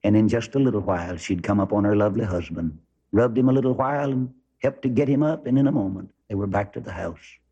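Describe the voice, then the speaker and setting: A man, preaching and telling a folksy story, dropping low and soft whenever he quotes someone. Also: fast, husky. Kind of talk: sermon illustration. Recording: muffled lo-fi recording.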